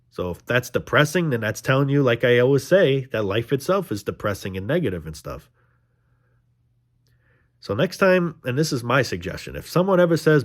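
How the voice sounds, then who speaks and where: A young man ranting in a casual vlog monologue, frustrated and profane, rambling with restarts. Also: mid-range voice. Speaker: vlogger.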